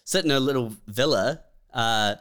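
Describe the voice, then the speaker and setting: A man's voice: medium pitch, moderate pace, a bit bright, smooth. A man co-hosting a comedy podcast, laid-back, building a joke scheme aloud with fillers like "man" and "right?". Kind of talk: casual comedic riffing.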